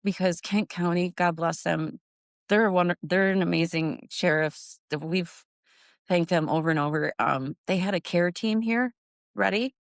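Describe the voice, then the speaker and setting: Gravelly middle-aged woman, halting retelling. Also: dry recording, clean studio sound. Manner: halting, repeats phrases, rises high when reliving moments. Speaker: guest, grieving mother. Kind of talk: emotional personal storytelling.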